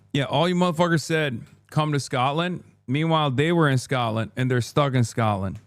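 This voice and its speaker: A man's voice: medium pitch, moderate pace, long pauses, no room sound, studio quality. A man live-streaming, chatting casually and swearing as he reacts to chat. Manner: profane, chatty, reads chat aloud.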